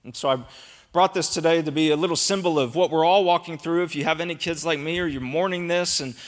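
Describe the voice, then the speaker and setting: A pastor in his thirties preaches with an earnest, emphatic delivery. His voice sits high for a man. The sound rings with the long reverb of a large church hall. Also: fast. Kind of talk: sermon.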